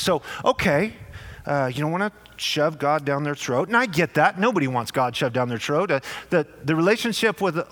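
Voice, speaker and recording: A man preaches in a loose, conversational sermon style. His voice sits a little high, and he stumbles over repeated words and slips into quoted voices. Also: fairly bright tone. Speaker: pastor.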